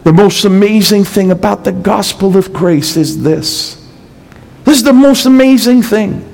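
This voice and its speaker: A man's voice: high-pitched, a little slow, creaky, a little mellow, low-quality recording. A middle-aged male pastor preaching a sermon, building intensity with rhetorical questions and emphatic repetition.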